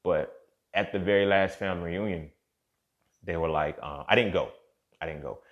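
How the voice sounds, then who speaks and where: A man's voice: deep voice, normal speed, muffled recording. A man hosting a show and telling a personal story in a casual, profane way, often speaking straight to the listener. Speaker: host.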